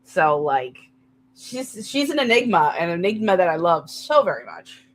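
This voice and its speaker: A young woman chatting casually on her live stream, excitable and rambling, with frequent restarts and laughter. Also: mid-range voice, normal speed. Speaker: streamer hosting a write-with-me stream.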